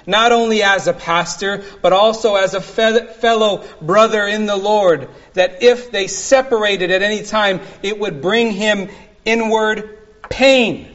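A man preaching an expository sermon as pastor, slow and earnest, dwelling on single words. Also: sits high, a bit bright, lo-fi sound.

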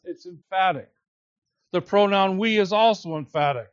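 A pastor preaches an expository sermon slowly and emphatically, stretching out key words. His voice is high for a man. The recording is dry, slightly muffled and lo-fi.

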